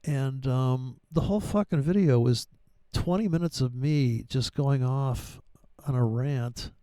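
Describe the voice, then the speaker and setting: A man's voice: medium pitch, unhurried, warm tone, no room sound. A man giving casual trading commentary over his charts, rambling and profane, with sarcastic asides. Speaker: forex trading educator.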